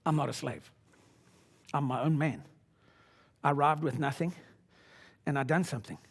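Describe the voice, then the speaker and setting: A man in his sixties speaking at a seminar, brash and boastful, dropping to low asides and then pushing up into loud exhortation at the audience. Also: normal speed, breathy edge. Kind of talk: motivational seminar talk. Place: conference room before an audience.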